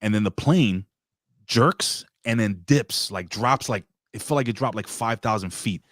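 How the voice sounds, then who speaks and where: A male host talks in a deep, low voice, spinning wild stories with plenty of cursing. He also slips into booming announcer-style introductions, and the sound is dry and close. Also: unhurried, no room sound. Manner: excitable, profane storytelling with hype announcer intros. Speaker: podcast host. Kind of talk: casual chat.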